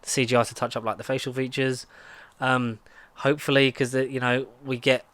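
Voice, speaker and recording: Rambling through a casual podcast chat full of fillers and false starts, this male co-host talks fairly quickly in a flat, mid-range voice. His tone is fairly bright, and the recording is dry.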